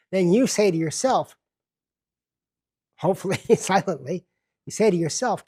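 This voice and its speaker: A man hosting a self-help television show, teaching in a deliberate, emphatic way and slowing down to stress key words. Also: sits high, lively intonation, a little mellow. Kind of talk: self-help lecture to camera.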